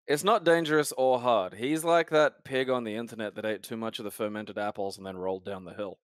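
A man's voice: lowish voice, fairly even intonation, fairly quick, smooth, no echo, clean studio sound. A young man co-hosting a casual podcast chat, rambling and swearing often as he trails off mid-sentence. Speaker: podcast co-host.

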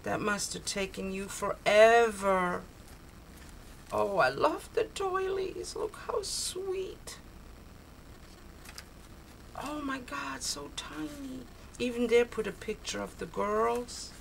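A woman's voice: fairly high pitch, takes it slowly, creaky, pauses often, a little hiss or hum, poor audio. An older woman opening a craft swap package on her video blog, gushing and exclaiming over each tiny item. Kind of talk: casual unboxing chat. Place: cold home, heater on.

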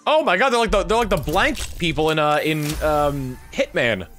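A man's voice: fairly high pitch, normal speed, a bit bright, soft background music. A man giving wry live commentary while playing a video game and reading in-game text aloud. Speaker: game streamer.

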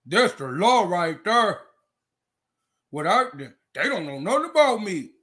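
A man's voice: high-pitched, big pitch swings, a little slow, sharp tone. Fired-up man ranting at a rival. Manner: confrontational, repeats and restarts words. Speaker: dog breeder. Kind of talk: heated rant to camera.

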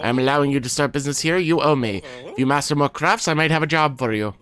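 A man voicing a gruff, bossy blind old man in a video game, grumbling orders. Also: a little high, fast, a bit bright, soft background music, natural voice. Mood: grumpy. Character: gruff blind old male workshop keeper.

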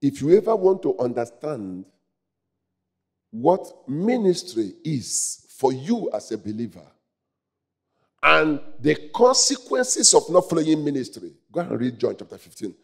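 Fiery preacher with a high voice. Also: male voice, sing-song, measured pace, creaky. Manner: swings from quiet asides to loud shouted climaxes; calls for responses from the congregation. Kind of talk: sermon.

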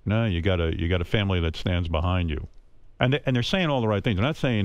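A man's voice: deep voice, fast talker, no echo, highs cut off. A man hosting a radio interview, asking sympathetic, probing questions. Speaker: radio host.

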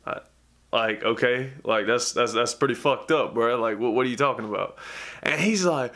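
A man, a fitness vlogger, telling a story straight to camera in a heated, profane rant that keeps circling back with "bruh.". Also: moderate pace. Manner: acts out others' lines in a higher, lively voice.

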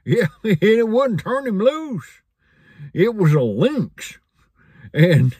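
A man's voice: high voice, big pitch swings, takes it slowly, long pauses, darkish tone, breathy edge, no room sound, studio quality. A man preaching a sermon in a folksy storytelling manner, chuckling along.

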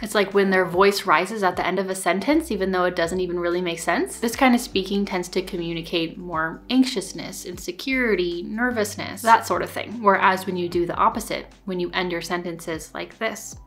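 A young woman vlogging advice to camera in a relaxed, conversational way, often checking in with "right?". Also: lowish voice. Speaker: lifestyle vlogger giving dating advice. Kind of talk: casual instructional talk to camera.

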